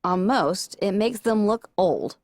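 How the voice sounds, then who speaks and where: Woman narrating a story, voice goes up and down a lot, pretty high, dry close sound. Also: slow pace, no echo. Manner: expressive, animated. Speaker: audiobook reader. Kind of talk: first-person story narration.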